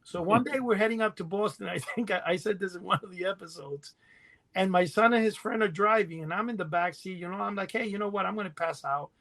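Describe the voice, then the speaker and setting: A middle-aged man co-hosting a podcast, telling rambling stories in a casual, animated way and laughing as he goes. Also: high-pitched, a little fast. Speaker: podcast co-host. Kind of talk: casual storytelling chat.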